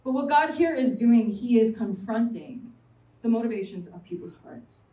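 A young woman from New York City preaching a chatty, animated sermon to a college fellowship and joking with the audience. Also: fairly high pitch, normal speed. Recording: roomy sound from a distant mic.

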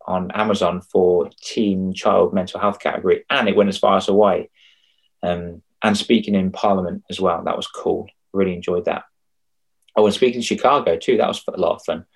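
A man with a lowish voice talks as a podcast guest. He tells his stories with feeling and animation, often restarting his sentences. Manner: emotional, animated storytelling with many restarts. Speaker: confidence coach guest. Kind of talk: casual podcast interview.

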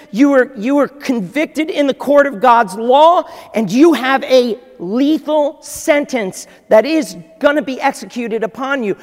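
Male pastor with a high voice, preaching with big swings in volume, echoing in a large church room. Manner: dynamic preaching, swinging from loud to hushed. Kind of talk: sermon. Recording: long reverb of a large hall.

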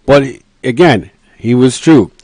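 A man hosting a casual wrestling podcast, talking in an animated way with lots of fillers and acting out quotes. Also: medium pitch, measured pace, no room sound. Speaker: podcast host.

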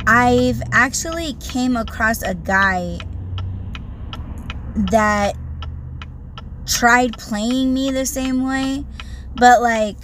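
Woman, rideshare driver, slow rambling storytelling, lots of fillers, loud road noise in the car. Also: on the high side. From Native American, Hopi. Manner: rambling, frequent "like" and "you know", sighs. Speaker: podcast host and rideshare driver. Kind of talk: casual storytelling monologue. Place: inside a car.

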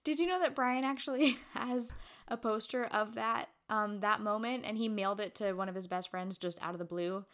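A woman's voice: mid-range voice, moderate pace, fairly bright tone. A woman in her thirties co-hosting a podcast, chatty and giggly in casual conversation. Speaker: podcast co-host. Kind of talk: casual chat.

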